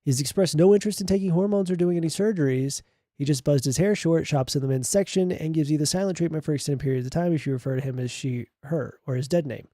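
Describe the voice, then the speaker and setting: Male streamer, slightly higher pitch, mellow tone, dry close sound; reads posts aloud with sarcastic, laughing asides. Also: fast, no echo. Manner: sarcastic, laughs often, swears. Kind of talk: reading posts aloud and reacting.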